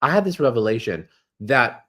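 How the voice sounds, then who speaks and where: A man hosting a spiritual astrology talk, repeating phrases like a mantra and slowing to a soft pace when he guides the breathing. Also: medium pitch, sing-song. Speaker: astrology host.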